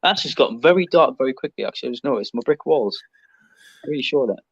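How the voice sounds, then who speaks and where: A man's voice: mid-range voice, expressive, fast talker, breathy edge, dry recording. English man, podcast guest, rambling chatty talk, dry dull lo-fi sound. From Britain. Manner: rambling, chatty, lots of ums and restarts. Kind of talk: casual chat.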